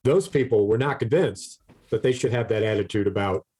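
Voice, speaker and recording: Man, podcast co-host, casual political rant, animated, swears a lot. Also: fairly low pitch, a little fast, breathy edge. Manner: animated ranting, swears freely, repeats words.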